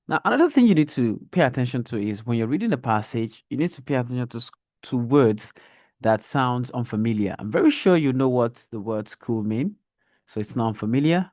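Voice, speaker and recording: A man teaching a reading lesson, speaking deliberately and modelling intonation as he reads a children's story aloud. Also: medium pitch, lively intonation, darkish tone, dry recording, clean studio sound. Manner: slow, deliberate, demonstrates intonation.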